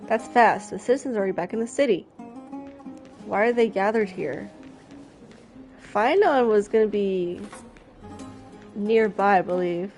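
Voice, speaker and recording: A young adult woman giving casual gameplay commentary, chatty and excitable, often talking to herself. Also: medium pitch, unhurried, pauses often, faint music behind. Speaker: streamer.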